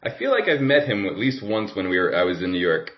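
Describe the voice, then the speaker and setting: Male host, low voice, easygoing chat, lo-fi sound. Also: big pitch swings, fast talker, a little hiss or hum. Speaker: podcast host. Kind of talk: casual chat.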